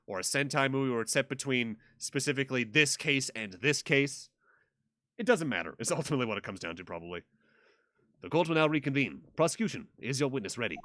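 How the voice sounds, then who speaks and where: Rambling young man with a lively voice. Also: mid-range voice, clear, resonant tone, no echo, studio quality. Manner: rambling, wry. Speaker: let's play streamer. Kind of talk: casual game commentary.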